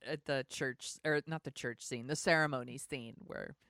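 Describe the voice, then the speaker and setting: A woman's voice: extremely low pitch, normal speed, gravelly, a bit bright, clean tone, no echo, studio quality. A woman co-hosting a podcast, chatting casually and laughing often. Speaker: podcast co-host. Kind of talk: casual chat.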